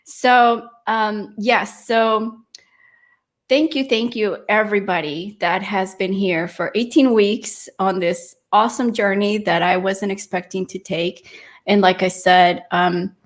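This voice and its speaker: A woman hosting a live-streamed talk show. Her manner is chatty and effusive, and she praises her guest freely. Her voice sits at an ordinary middle pitch. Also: unhurried. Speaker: host.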